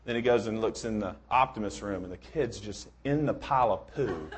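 A man's voice: lowish voice, a little fast, few pauses. A man preaching a sermon in a casual, rambling way, with joking asides and many restarts.

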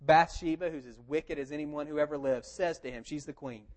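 A man preaching a sermon, telling the story in a lively conversational way and asking rhetorical questions. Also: fairly high pitch, a little fast. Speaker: pastor. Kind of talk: expository sermon.

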